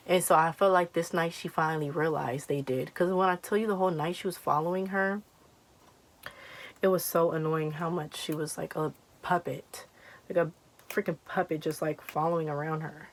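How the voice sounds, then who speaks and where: A woman's voice: deep voice, fairly even intonation, moderate pace. Chatty, profane woman vlogger. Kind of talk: casual storytime chat. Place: home, taking down her braids.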